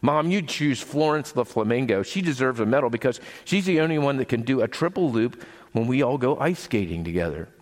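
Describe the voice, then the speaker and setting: A man's voice: mid-range voice, expressive, fairly quick, natural voice. A man voicing a gloomy young boy elephant in a children's story read aloud, in a raised, pleading voice. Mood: eager guessing.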